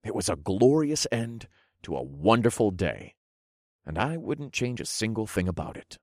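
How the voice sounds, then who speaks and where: Expressive low-voiced male audiobook narrator. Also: normal speed, no echo, studio quality. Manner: expressive storytelling, softening for intimate moments. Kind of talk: first-person fantasy audiobook narration.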